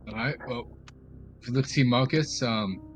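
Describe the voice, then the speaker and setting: A man's voice: medium pitch, normal speed. Man, tabletop player, casual, hesitant, filler words, faint music. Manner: relaxed, filler-heavy, hesitant. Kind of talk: casual description of his character.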